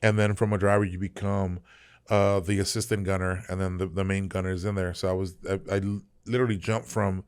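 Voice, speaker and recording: Ex-soldier guest, thirties, from South Texas; cursing, animated storyteller. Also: male voice, low-pitched, a little fast, smooth. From South Texas, Rio Grande Valley. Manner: animated, profane, laughs through his stories. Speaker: guest, veteran. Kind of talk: casual storytelling.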